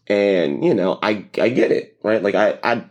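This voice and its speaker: A man co-hosting a casual podcast conversation, talking in a halting, rambling way with frequent restarts and dry jokes. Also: lowish voice, darkish tone, muffled recording. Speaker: podcast co-host.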